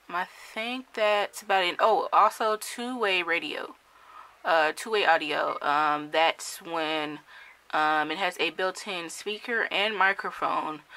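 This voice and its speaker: Slow, hesitant woman with a bright voice. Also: fairly low pitch, low-quality recording. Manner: hesitant, many ums and self-corrections. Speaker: product reviewer. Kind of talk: casual unboxing review.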